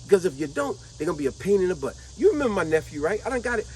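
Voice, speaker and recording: A woman's voice: fairly low pitch, big pitch swings, rapid-fire, slight background noise, low-quality recording. A middle-aged woman giving casual commentary to her vlog audience, emphatic and repetitive, stretching out words to drive her points home. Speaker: vlogger.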